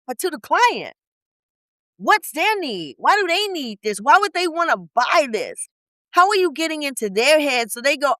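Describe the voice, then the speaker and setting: Woman, podcast business coach, high bright voice, emphatic, blunt, rhetorical questions. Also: big pitch swings, moderate pace, dry recording, poor audio. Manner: colloquial, blunt teaching tone. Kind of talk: podcast interview. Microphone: podcast studio mic.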